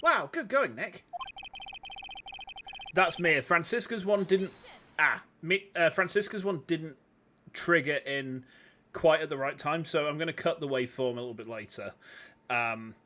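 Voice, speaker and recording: A man's voice: fairly high pitch, moderate pace, pushed and bright. A man streaming a game, chatty and rambling, with a sore throat. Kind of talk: game livestream chat. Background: background music.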